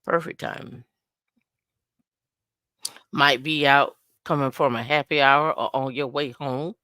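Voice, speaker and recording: A woman's voice: a bass voice, a bit bright, dry recording, clean studio sound. A woman hosting a casual livestream, chatting to viewers by name and breaking into playful sung sound effects. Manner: playful, sings and imitates dancehall sounds. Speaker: host.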